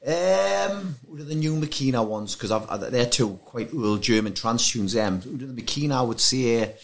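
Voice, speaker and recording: A man's voice: medium pitch, expressive, moderate pace, creaky. Hesitant man. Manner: rambling, hesitant, many fillers. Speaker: rave MC, podcast guest. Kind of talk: casual podcast chat.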